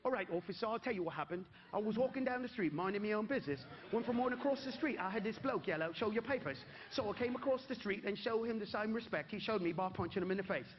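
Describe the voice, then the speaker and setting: A man voicing a calm, smug Englishman with an English accent who talks low and unbothered. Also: quick pace, few pauses. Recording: dull live stage recording, audience noise.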